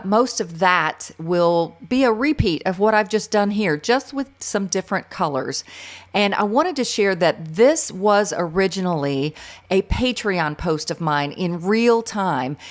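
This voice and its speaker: A middle-aged woman from North Carolina with a faded Southern accent talks students through a real-time pastel painting lesson. Her voice sits slightly low, and she stays chatty and enthusiastic, pausing with fillers as she thinks aloud. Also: expressive. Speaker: art instructor.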